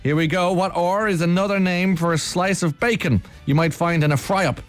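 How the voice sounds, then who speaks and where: A man's voice: high voice, steady tone, normal speed, over music. A man hosting a radio phone-in, joking with a young caller and tripping over his words. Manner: teasing, jokey, stumbles over words. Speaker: radio host. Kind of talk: playful radio phone-in chat.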